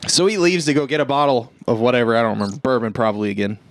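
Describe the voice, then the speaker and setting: A man's voice: medium pitch, very fast, no echo. A man co-hosting a podcast, recapping a film in casual chat. He rambles, swears and jokes. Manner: rambling, profane, jokey storytelling. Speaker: podcast co-host.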